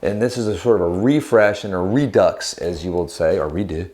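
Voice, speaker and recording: A man with a slightly low voice hosts a guitar shop demo, cracking jokes and tossing off quick asides as he goes. His delivery is loose, playful banter. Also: a little mellow. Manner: goofy, jokey, quick asides. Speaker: guitar shop video host. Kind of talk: joking banter in a gear demo.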